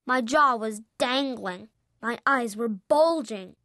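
An audiobook narrator telling a children's story in the first person, lively and expressive. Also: medium pitch, slow, no room sound, studio quality.

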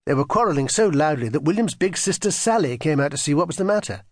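Reading a children's storybook fast and with few pauses, this audiobook narrator's husky voice sits a little high. His lively delivery swings widely up and down, captured in a close, dry recording with no room sound.

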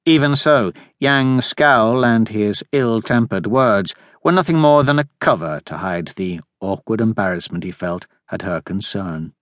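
A man narrating an audiobook in measured, steady storytelling in a recording studio. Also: lowish voice, dry recording. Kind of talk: scripted narration. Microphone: close studio mic.

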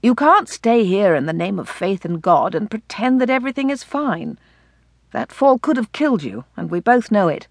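A woman voicing a male doctor in an audiobook who gives frank, gently scolding advice. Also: medium pitch, sing-song, moderate pace, no room sound, studio quality. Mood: urging. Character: country doctor, man, blunt and caring.

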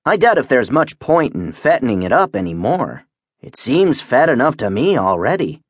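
A male narrator playing a gruff, impatient ship captain who speaks bluntly and gives orders. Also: medium pitch, big pitch swings, normal speed, no room sound, studio quality. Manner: blunt, commanding.

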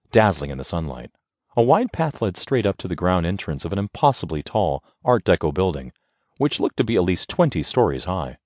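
A man reading an audiobook in scripted narration, telling the story in an expressive, measured way on a close studio mic. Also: sits low, no room sound.

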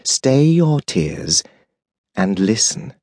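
A man voicing a stern, measured male angel in an audiobook, speaking slowly and deliberately in a lowered tone. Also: big pitch swings, darkish tone, no echo, clean studio sound, heavily acted. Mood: solemn. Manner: slow, deliberate, lowered delivery. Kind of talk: audiobook character voice.

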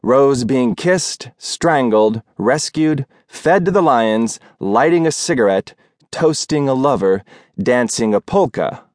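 A male audiobook narrator reading a novel in a measured, wry storytelling manner. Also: mid-range voice, lively intonation, no room sound, studio quality. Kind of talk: scripted narration.

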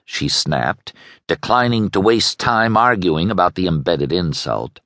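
Man, audiobook narrator, low voice, lively delivery, dry studio sound. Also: a little slow, no echo. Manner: expressive storytelling. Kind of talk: scripted narration.

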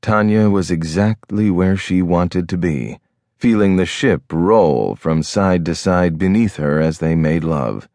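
A man narrating a thriller audiobook in a measured, storytelling manner. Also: deep voice, darkish tone, no echo, clean studio sound. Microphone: close studio mic.

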